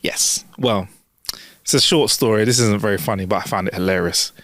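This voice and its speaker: A man's voice: on the low side, fairly quick, no echo, studio quality. A man hosting a podcast, chatting casually, laughing often as he tells his stories. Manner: laughs often, animated storytelling. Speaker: podcast host. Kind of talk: casual chat.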